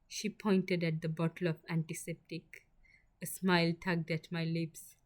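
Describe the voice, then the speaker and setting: A woman reading a sad first-person story aloud in a measured, soft narrating style. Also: lowish voice, level tone.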